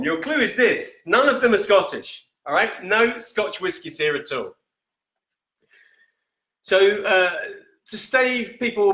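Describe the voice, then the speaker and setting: Bright-voiced man hosting a quiz. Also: high voice. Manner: chatty, reads out quiz questions slowly and repeats them. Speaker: live-stream host running a whisky quiz. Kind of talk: casual live-stream chat. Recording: echoey room.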